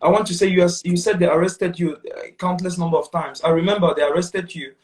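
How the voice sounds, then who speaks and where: A man's voice: sits high, fairly even intonation, a little fast, darkish tone. A man hosting an interview, asking questions with encouraging remarks and some stumbles. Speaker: interviewer host. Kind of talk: casual interview.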